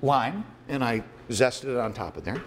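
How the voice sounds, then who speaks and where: A man's voice: medium pitch, very animated, normal speed, a little hiss or hum. A man demonstrating a no-bake pie recipe as a guest cook on a TV morning show, joking and talking through each step with fillers. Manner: chatty, joking, talks through steps with fillers. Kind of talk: casual cooking demo. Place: TV studio kitchen.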